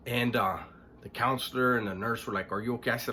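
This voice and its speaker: A man recounting a painful memory in a casual, halting way, restarting sentences, clearing his throat and swearing bluntly. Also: medium pitch, steady tone, pushed and bright, slight background noise. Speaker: storyteller recounting his past. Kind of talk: casual spoken storytelling.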